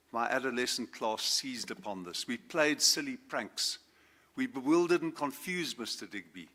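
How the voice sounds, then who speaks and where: Bright-voiced South African man in his 70s. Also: medium pitch. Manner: measured and formal, with emphatic lifts on key words. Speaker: guest speaker, former judge and alumnus. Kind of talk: formal speech to a school assembly. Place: school assembly, speaker standing before students.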